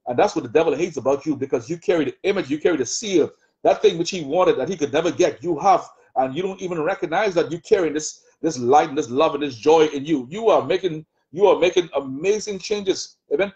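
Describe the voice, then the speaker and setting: A man with a Bahamian accent preaching a sermon, taunting in rapid repeated jabs as he voices the enemy's lies. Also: on the high side, darkish tone, muffled recording. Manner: taunting, mocking the devil's voice in rapid repetitive jabs. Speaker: prophet preaching.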